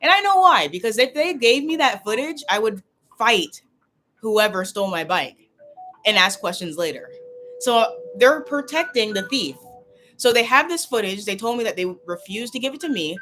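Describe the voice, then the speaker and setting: A woman's voice: a little high, big pitch swings, moderate pace, sharp tone, slight background noise. A woman vlogger talking casually and tearfully to a livestream, upset and rambling, often repeating herself.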